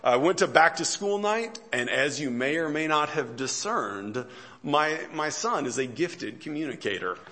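A man's voice: on the high side, animated, unhurried, bright, forceful tone. A man in his forties, a pastor preaching a sermon in a conversational, storytelling way, with self-deprecating humor and easy chuckles. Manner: frequent fillers and restarts, chuckles between lines.

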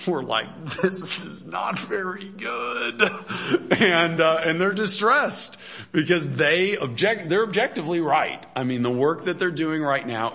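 A middle-aged man preaching in a loose, conversational way, wandering into jokes and asides with plenty of "you know"s. His voice is bright and forward, at an ordinary male pitch. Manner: chatty, joking asides, many fillers and restarts. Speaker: pastor. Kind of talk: casual humorous sermon.

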